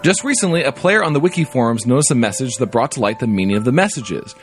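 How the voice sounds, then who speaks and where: A man co-hosting a casual podcast, reading a listener email aloud. His voice sits in the middle range but rises and falls a great deal. He tells the story with a playful, animated delivery. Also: medium pitch, fast talker, soft background music. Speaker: podcast co-host.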